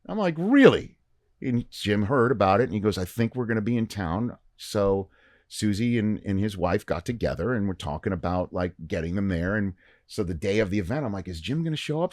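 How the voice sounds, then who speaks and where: A man on a podcast as a guest, telling a long story in casual chat and acting out the quoted lines with lively shifts. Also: on the low side, no echo, studio quality. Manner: animated storyteller, acts out quoted dialogue. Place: podcast studio.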